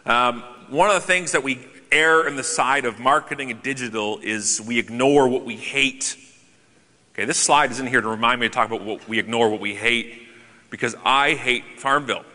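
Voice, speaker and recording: A man giving a conference keynote to a live audience, joking and animated with sarcastic asides, on a stage microphone in a large hall. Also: mid-range voice, moderate pace. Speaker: keynote speaker. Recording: long hall reverb.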